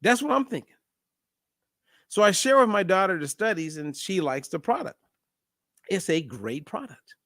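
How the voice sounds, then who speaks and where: A man's voice: high-pitched, normal speed, long pauses, no room sound, clean studio sound. A middle-aged man hosting a casual monologue, telling a story and acting out the dialogue. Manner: animated storyteller, acts out dialogue. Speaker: host.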